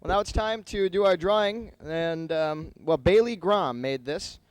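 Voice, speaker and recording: A man's voice: high-pitched, unhurried, clear, resonant tone, no echo. Rambling joking emcee man. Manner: rambling, playful, lots of fillers. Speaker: talent show emcee. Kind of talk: joking stage emcee patter. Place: high school auditorium stage. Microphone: handheld microphone.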